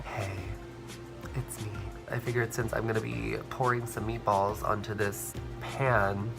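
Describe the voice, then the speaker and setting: A YouTuber vlogs casually while cooking in his home kitchen, his fairly low voice creaky. He's campy and playful, calling his viewers "sis" and "honey."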